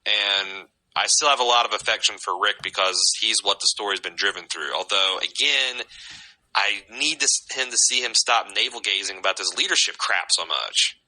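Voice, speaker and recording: A man's voice: lowish voice, normal speed, bright, forceful tone, low-quality recording. A man co-hosting a podcast in casual chat, giving strong opinions and reading out listener comments. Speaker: podcast co-host.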